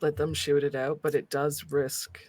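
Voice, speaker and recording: High-voiced skeptical man player. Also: level tone, normal speed, a little mellow, slight background noise. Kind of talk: tabletop role-play chat.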